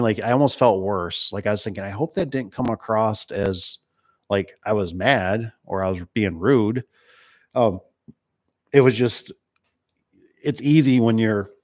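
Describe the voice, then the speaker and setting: A man talks about running his small business in a loose, rambling way, dropping in fillers and acting out old conversations in quotes. His voice sits a little low. It is recorded close and dry, with no room sound. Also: darkish tone, no room sound. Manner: rambling, conversational, lots of fillers and "right?" tags; retells conversations in quoted dialogue. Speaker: door and gate business owner. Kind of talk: casual chat.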